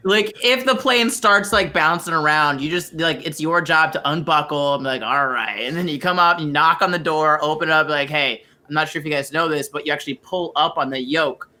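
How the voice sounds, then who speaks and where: A man's voice: fairly high pitch, brisk, hardly any pauses, pushed and bright. A man co-hosting a casual podcast, riffing on silly imagined scenes. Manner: joking, riffs on imagined scenes. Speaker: podcast co-host.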